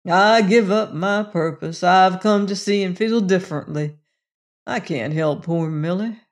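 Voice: medium pitch, close to an everyday voice. A reader voicing a weary gray old gunman. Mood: earnest. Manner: slow drawling frontier speech. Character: weary gray male gunman, older, gentle. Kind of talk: audiobook reading.

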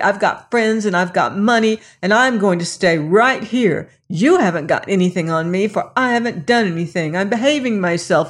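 A defiant young woman in a storybook, protesting loudly and fiercely, her voice pushed higher and harder than the reader's own, as a reader puts her on. She sounds spirited and stubborn as she refuses to back down. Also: lightly acted. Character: defiant young woman under police pressure.

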